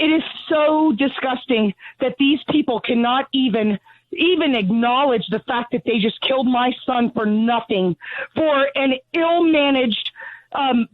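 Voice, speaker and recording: A middle-aged woman calling in, furious, blunt and sarcastic, out of breath as she speaks. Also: high-pitched. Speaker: caller. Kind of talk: call-in radio rant. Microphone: telephone. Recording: tinny dry phone line.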